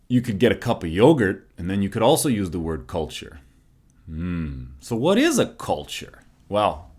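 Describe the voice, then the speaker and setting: A man talking casually in a rhetorical, folksy way, often tagging his points with questions and slowing down to stress single words. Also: fairly low pitch, a little mellow. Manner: rhetorical, folksy, keeps asking "right?". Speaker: preacher musing on word origins. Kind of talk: casual spoken monologue.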